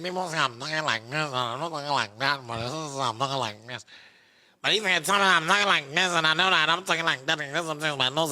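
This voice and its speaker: A Ghanaian man with a gravelly voice puts on a melodramatic, self-pitying woman, whining in a sing-song and repeating his phrases. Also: on the high side, pushed and bright. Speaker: musician mocking a critic. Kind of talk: mocking impersonation monologue.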